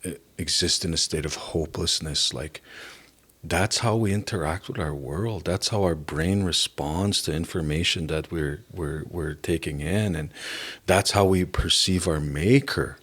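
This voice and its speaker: A middle-aged man from Canada giving an earnest, halting personal testimony as a podcast guest. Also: low-pitched, fairly bright tone, slightly rough. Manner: earnest, halting, emotional at times.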